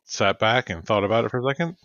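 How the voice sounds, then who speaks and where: A man's voice: on the low side, expressive, quick pace, fairly bright tone, no room sound. A man co-hosting a podcast, making wry, dry remarks. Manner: wry, dry asides and laughs. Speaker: podcast co-host. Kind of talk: casual chat. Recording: slightly dull, dry podcast mic.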